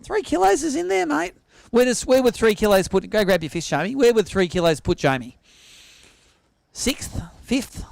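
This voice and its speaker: An Australian man hosting a fishing weigh-in, bantering in an energetic, teasing way. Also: extremely high pitch, vocal fry, no room sound. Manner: energetic, teasing, quick-talking. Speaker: weigh-in host. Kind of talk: live tournament emcee banter. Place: outdoor weigh-in stage at a sailing club.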